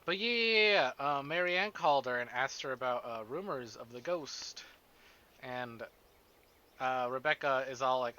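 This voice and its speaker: A man streaming a visual novel, chatting casually with his chat, excitable and swearing often. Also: medium pitch, measured pace. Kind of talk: casual live-stream chat and game reading.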